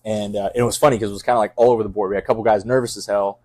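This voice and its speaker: A middle-aged man with a fairly low voice talks fast and intensely, circling back with restarts and fillers. The sound is dry and close, and his manner is that of a casual podcast chat. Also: fairly even intonation, darkish tone, no room sound. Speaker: fire captain.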